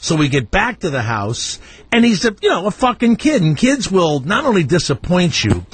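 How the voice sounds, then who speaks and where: A man's voice: high voice, big pitch swings, normal speed, husky, no echo. A middle-aged man hosting a radio talk show, telling a profane, comic family story and acting out the voices.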